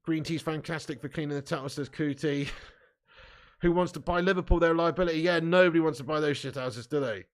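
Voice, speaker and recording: A man's voice: a little high, brisk. A man hosting a live football watch-along, reading chat comments aloud with mocking banter, swearing and laughing.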